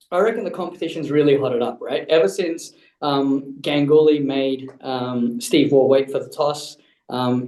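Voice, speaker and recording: Australian man, relaxed and slangy. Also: fairly high pitch, reverberant, rough recording. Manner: laid-back, slangy, says "look" and "reckon". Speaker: co-host. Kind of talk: casual podcast chat. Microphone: video call from a workplace conference room.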